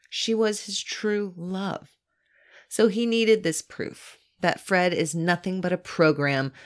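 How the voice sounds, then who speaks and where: A woman co-hosting a podcast, retelling a story in casual chat and laughing easily. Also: deep voice. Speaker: podcast co-host.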